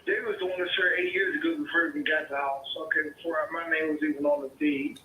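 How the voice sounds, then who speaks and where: A man's voice: on the high side, lively intonation, fast talker, bright, forceful tone, reverberant, slight background noise, rough recording. A man from the Pittsburgh area, arguing heatedly as a caller, profane and combative, repeating himself. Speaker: caller, homeowner. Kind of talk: heated phone argument.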